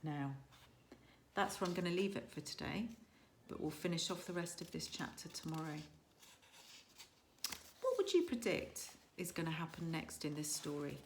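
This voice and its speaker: A primary school teacher, a woman, reading a children's story aloud with lively, expressive storytelling. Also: low voice, normal speed, pauses often, a little hiss or hum. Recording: echoey room.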